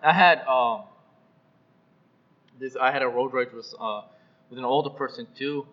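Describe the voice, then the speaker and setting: A man co-hosting a podcast, chatting in a relaxed, slangy way and trailing off. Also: mid-range voice, unhurried, highs cut off. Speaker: podcast co-host. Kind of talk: casual podcast chat.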